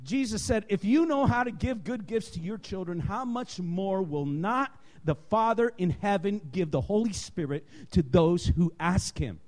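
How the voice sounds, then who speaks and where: Male preacher, sermon delivery, very high voice, swooping animated intonation, impassioned. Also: unhurried, hardly any pauses. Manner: impassioned, emphatic, building to shouts.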